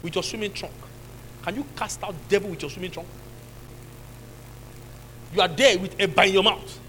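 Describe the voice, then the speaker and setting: A man with a Nigerian accent preaching a sermon as pastor, now and then shouting and laughing with the congregation. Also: high voice, moderate pace, background noise.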